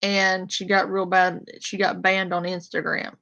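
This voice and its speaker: A woman's voice: on the low side, monotone, a little slow, vocal fry, a bit bright, muffled recording. A woman talking bluntly to her live chat, casual and confrontational, with frequent fillers. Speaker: commentary streamer. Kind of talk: casual live-stream commentary.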